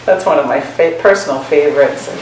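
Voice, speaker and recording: Woman Zen teacher, casual storytelling dharma talk, slightly low voice, distant mic, strong room echo. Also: brisk, slight background noise. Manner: chatty, laughing often, self-mocking stories. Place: meditation hall. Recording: echoey room, mic far off.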